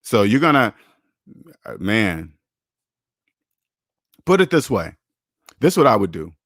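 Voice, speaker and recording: Speaking with an American accent, a personal finance show host fields chat questions on a live stream, blunt and preachy, cursing for emphasis and saying things more than once. His voice sits lowish but swings widely in pitch, shooting up when he mocks, at a measured pace and a fairly bright tone. It's recorded dry and close-miked with no room sound.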